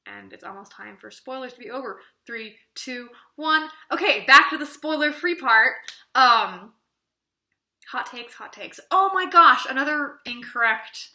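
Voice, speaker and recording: Bright, chatty young woman. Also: sits high, a little slow, roomy sound. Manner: animated, chatty, acts out quoted exchanges. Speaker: book review vlogger. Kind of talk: casual opinionated chat.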